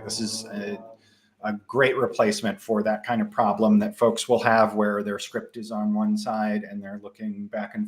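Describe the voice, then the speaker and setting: Chatty Midwestern man demoing software. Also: on the low side. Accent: Midwestern American. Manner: relaxed, chatty, frequent ums and restarts. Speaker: software tutorial presenter. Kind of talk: casual live demo.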